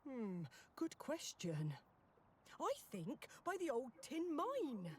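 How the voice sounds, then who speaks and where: A woman's voice: high-pitched, wildly swooping pitch, slow pace, slightly rough, no echo, exaggerated voice. A woman voicing a flustered middle-aged mother in a game, fretful and scattered as she hunts for a lost key. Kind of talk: game voice acting.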